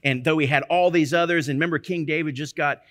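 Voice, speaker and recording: In a conversational sermon drawn from the Bible, this preacher often poses rhetorical questions to his listeners. He talks at a quick pace, his voice on the high side, fairly bright, with fairly even intonation.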